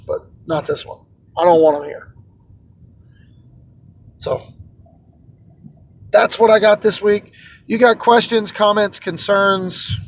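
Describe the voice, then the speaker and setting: A man's voice: high voice, a little hiss or hum. A man hosting his channel, chatting casually and rambling a little, with a self-deprecating streak, recorded inside a car. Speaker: host. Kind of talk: casual vlog chat.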